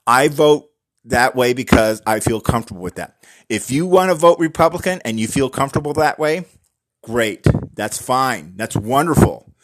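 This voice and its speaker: An earnest man in a mid-pitched voice, talking straight to his listeners with firm emphasis. He slows down and leans on the words that matter, as in a personal opinion talk. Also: animated. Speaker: Christian commentator on voting. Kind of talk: direct-to-camera opinion talk.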